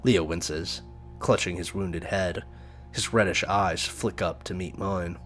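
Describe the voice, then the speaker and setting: A man reads a story game aloud, narrating with relaxed side comments. His voice sits very low and he speaks slowly. Faint music plays underneath. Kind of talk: reading a visual novel aloud.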